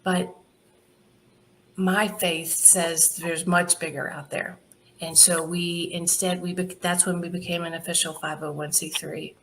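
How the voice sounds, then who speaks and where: Woman telling lively stories, lowish voice. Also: a little slow, a little hiss or hum. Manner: lively anecdotal, laughs often, acts out quoted dialogue. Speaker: charity founder guest. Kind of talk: casual interview storytelling.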